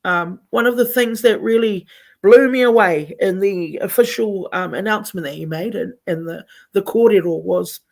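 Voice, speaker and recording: A woman's voice: medium pitch, moderate pace, creaky, a little mellow. Effusive New Zealand woman radio host. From Taranaki, New Zealand. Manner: effusive, switches between Māori and English. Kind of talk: live community radio chat.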